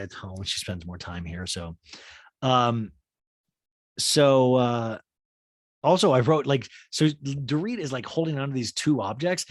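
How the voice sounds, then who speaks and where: A man's voice: medium pitch, no room sound. A man hosting a podcast recap, chatting casually and wryly while speaking directly to his listeners. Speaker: podcast host.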